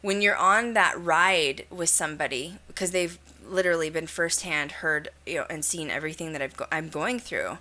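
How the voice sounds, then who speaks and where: Bright-voiced chatty woman podcast host. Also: low voice, moderate pace, few pauses. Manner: chatty, animated storytelling with frequent fillers and laughs. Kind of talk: casual chat.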